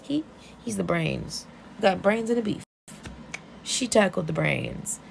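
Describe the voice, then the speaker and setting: A young woman vlogger casually recapping a comic plot, animated, swearing and laughing as she goes. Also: lowish voice, slow, vocal fry, slight background noise, poor audio. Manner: animated, profane, laughing storyteller.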